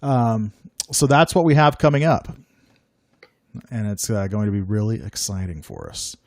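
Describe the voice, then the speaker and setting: A man's voice: fairly low pitch, lively intonation, moderate pace, a little mellow, dry recording, studio quality. A man hosting a casual chat show, upbeat and joking, with a self-deprecating streak. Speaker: podcast host.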